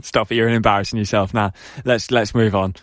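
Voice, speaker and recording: A man's voice: lowish voice, flat delivery, a little fast, fairly bright tone, a little hiss or hum. A man from the UK co-hosting a casual football podcast, teasing his partner with dry banter. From United Kingdom. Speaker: podcast co-host.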